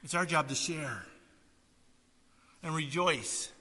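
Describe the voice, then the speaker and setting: A man preaching a sermon, swinging from loud, animated retellings to quiet, earnest asides. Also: on the high side, takes it slowly. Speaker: pastor. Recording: long reverb of a hall.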